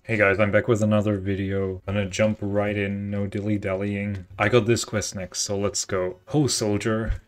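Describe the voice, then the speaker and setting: A man's voice: on the low side, monotone, normal speed, few pauses. Jokey young man narrating gameplay. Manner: jokey, self-mocking asides. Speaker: gaming video host. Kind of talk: casual gameplay commentary.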